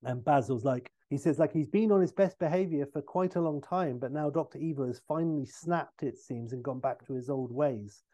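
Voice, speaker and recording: A man hosting a podcast, telling a comic film pitch in a rambling way with fillers and self-corrections. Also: a little fast, few pauses, mellow.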